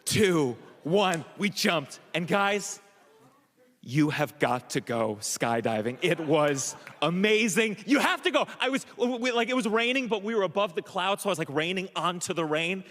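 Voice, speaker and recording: A man's voice: sits high, normal speed, big-room sound. Stammering man telling stories on stage. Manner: animated storytelling with stammers and restarts, acting out quoted voices. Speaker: stand-up comedian. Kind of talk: stand-up comedy set. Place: comedy club stage. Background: audience laughter.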